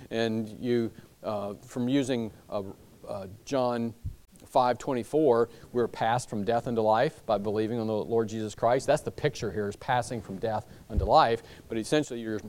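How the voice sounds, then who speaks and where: A man's voice: mid-range voice, a little mellow. A man teaching a church Bible class, talking loosely with many fillers and restarts.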